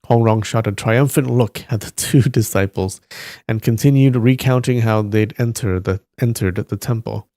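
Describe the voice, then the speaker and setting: A man on a live stream reading a novel aloud at a steady pace, stopping now and then to react to the story. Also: on the low side, moderate pace, dry recording, studio quality.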